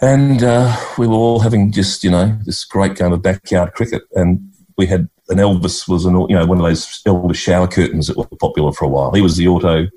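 A middle-aged man with an Australian accent and a low, mellow voice. He tells stories at length in a warm-hearted, meandering way, often doubling back on his words. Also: fairly even intonation, brisk. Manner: rambling, heartfelt storytelling with many restarts. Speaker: guest, actor and writer. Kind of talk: reflective conversational interview.

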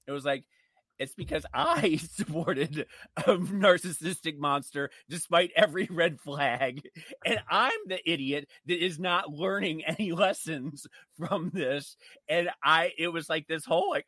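A man co-hosting a casual chat, telling stories in an animated, emphatic way. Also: on the high side, measured pace, no echo. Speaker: co-host.

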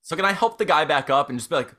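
A man's voice: a little high, animated, rapid-fire, sharp tone. A man chatting as a player in a tabletop game, laughing often. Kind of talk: casual tabletop game play.

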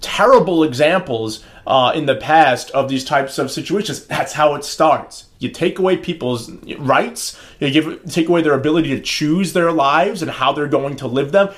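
A man co-hosting a political talk podcast, making opinionated points in a deliberate, lecturing way. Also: fairly high pitch. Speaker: podcast co-host.

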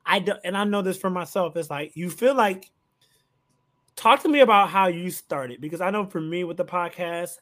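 Man podcast host, high voice, casual chat, eager and quick to interrupt with enthusiasm. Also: a bit bright.

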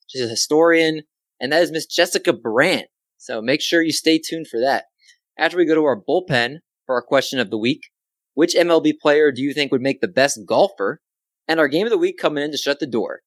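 A man's voice: on the high side, animated, brisk, dry recording. A man hosting a fantasy sports podcast on his own, talking upbeat and casual with self-deprecating asides. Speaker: podcast host. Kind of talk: solo sports podcast chat.

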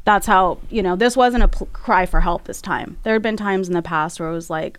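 A woman guest candidly recounting a personal story in a frank, halting, emotional way, close to tears. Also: fairly low pitch, steady tone. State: tearful.

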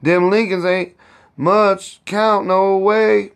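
A man voicing an elderly woman cook who is proud and bossy, speaking in heavy old Southern dialect and scolding as she talks. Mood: boastful. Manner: raised pitch, drawn-out words.

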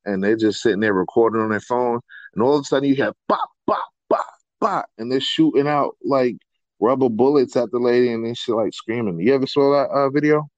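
A man co-hosting a podcast, talking in an animated way and rising in pitch when he gets excited. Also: fast, no room sound, dull audio. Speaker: podcast co-host. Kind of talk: casual discussion.

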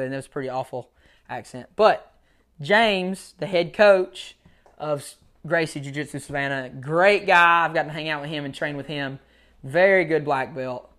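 The jiu-jitsu coach hosting this solo podcast has a medium-pitched, slightly bright voice. His talk is loose and rambling, self-deprecating, with an occasional laugh.

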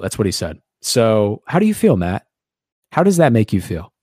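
Sarcastic podcast guy, lowish voice, dry close sound. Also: big pitch swings, normal speed, a little mellow, slightly rough, no room sound. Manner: sarcastic, rambling. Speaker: podcast host. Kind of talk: casual podcast chat.

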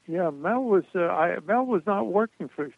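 This older man, an interview guest, tells rambling anecdotes and lets out a chuckle from time to time. His high-pitched voice has lively intonation, a moderate pace and some vocal fry. The line sounds tinny and phone-like, with a dry recording.

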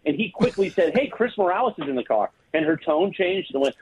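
A man on a thin, tinny phone line talks up his co-hosts in a lively, teasing way, full of mock-grand praise. His voice is high, husky and bounces all over the place. It sounds close and dry. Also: quick pace, hardly any pauses. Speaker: radio show regular calling in. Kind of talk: casual sports radio banter.

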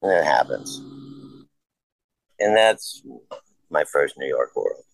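A man's voice: very deep voice, animated, slow, vocal fry, no echo, poor audio. A man casually telling rambling, profane stories and acting out the dialogue. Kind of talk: casual conversation.

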